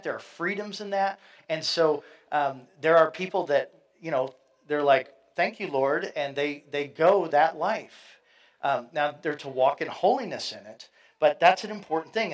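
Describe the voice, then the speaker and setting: A man's voice: a little high, a bit bright, poor audio. A middle-aged man preaching a sermon in a conversational way, with fillers and asides, reading scripture aloud. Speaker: pastor.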